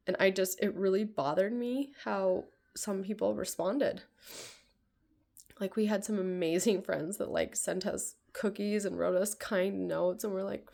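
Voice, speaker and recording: Emotional woman with a gravelly creak. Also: medium pitch, measured pace, a little mellow. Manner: rambling, heavy use of "like", tearful. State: emotional, near tears. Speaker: vlogger. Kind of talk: casual personal vlog.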